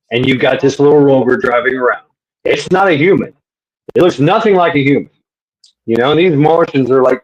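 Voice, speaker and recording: A man in casual conversation, talking in an animated way and acting out imagined voices. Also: medium pitch, low-quality recording. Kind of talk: casual podcast chat.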